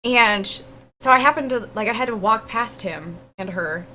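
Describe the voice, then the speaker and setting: A woman's voice: on the high side, normal speed, bright, forceful tone, a little hiss or hum, low-quality recording. A young woman co-hosting a stream, chatting casually and teasing with giggly banter. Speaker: streamer co-host. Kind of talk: casual chat.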